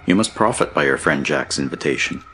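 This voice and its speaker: A man reading an audiobook, voicing a stout, kindly older male mining engineer in a measured, courteous manner. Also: a bass voice, animated, pushed and bright, slight background noise, exaggerated voice. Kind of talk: audiobook character voice.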